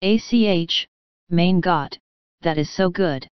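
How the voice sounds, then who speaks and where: A woman reading the lines of a kindly middle-aged German professor with a gentle, tender manner and a light German accent. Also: fairly low pitch, a little slow, smooth, no room sound, close to an everyday voice. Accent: German accent as put on. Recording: dull, dry studio audio.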